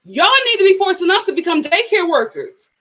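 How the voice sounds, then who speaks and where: A woman hosting a live TV review, talking in an expressive, animated way and responding to viewers. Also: very high voice, brisk, lo-fi sound. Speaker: host of a TV review channel.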